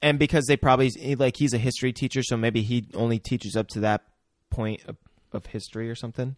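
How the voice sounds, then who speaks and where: A man co-hosting a podcast, talking through a movie in a relaxed, hedging, agreeable way. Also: mid-range voice, fast talker, dry recording, clean studio sound. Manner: laid-back, hedging and agreeable. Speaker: podcast co-host. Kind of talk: casual movie discussion.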